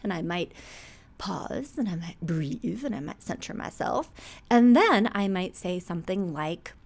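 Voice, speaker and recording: A woman's voice: fairly low pitch, unhurried. A woman therapist hosting an advice podcast, talking conversationally and acting out everyday scenes. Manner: animated, acts out everyday scenes; warm, conversational, with frequent "okay?" check-ins. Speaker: couples therapist and podcast host.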